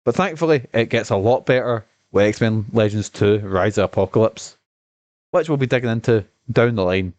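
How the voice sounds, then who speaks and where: A man's voice: lowish voice, normal speed, no room sound. Swearing man streaming games. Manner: rambling, profane, excitable. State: coughing. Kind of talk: casual gaming stream commentary.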